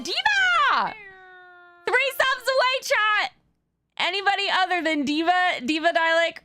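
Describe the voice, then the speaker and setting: A woman's voice: high-pitched, bright, forceful tone, dry recording. A woman streamer gushing thanks to her chat between bits of roleplay as a police sergeant.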